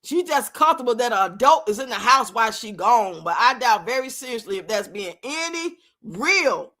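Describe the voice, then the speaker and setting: A woman's voice: a little high, expressive, normal speed, pushed and bright. A woman streamer giving blunt, profane commentary in a casual live-stream rant. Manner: blunt, profane, rants and scolds with lots of swearing. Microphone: streaming mic.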